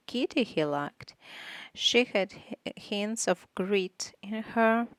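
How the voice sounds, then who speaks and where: A woman reading a novel aloud in a measured, even way. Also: fairly low pitch, no room sound. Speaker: audiobook reader. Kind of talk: audiobook narration.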